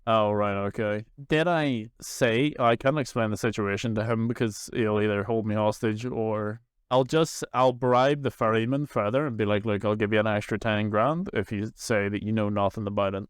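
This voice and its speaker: A man co-hosting a podcast, playing along in casual chat and thinking his plans through out loud. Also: lowish voice, steady tone, normal speed, few pauses, clean tone, no room sound, studio quality.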